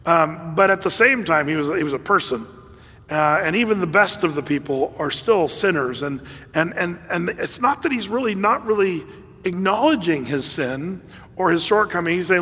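A man preaching a sermon in a conversational, animated way, with laughs and fillers. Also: high voice, normal speed, breathy edge, long reverb tail. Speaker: pastor.

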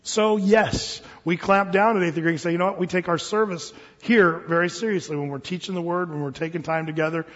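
A man's voice: high voice, fairly even intonation, fairly quick, hardly any pauses, a bit bright. A male pastor preaching a sermon in church, conversational and jokey, acting out little voices. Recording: dull, reverberant hall recording.

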